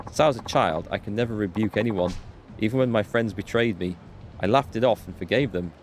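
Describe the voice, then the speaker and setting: A man reading the lines of a timid, gentle young woman who works as a dominatrix, aloud from game subtitles in a soft, apologetic way. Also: lowish voice, fairly quick, slight background noise, close to an everyday voice. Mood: meek.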